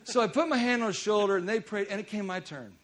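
A middle-aged man preaching a sermon, telling a personal story in a conversational way that swings between loud urgency and hushed intensity. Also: sits high, quick pace.

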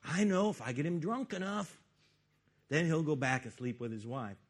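A man's voice: on the high side, big pitch swings, moderate pace, breathy edge. A man voicing King David as a scheming ruler, talking casually as he plots.

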